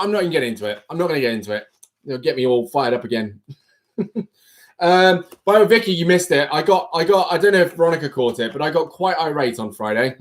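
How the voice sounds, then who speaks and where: A man hosting a casual livestream, chatting playfully and answering viewers' comments aloud, with sudden high exclamations. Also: darkish tone. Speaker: livestream host.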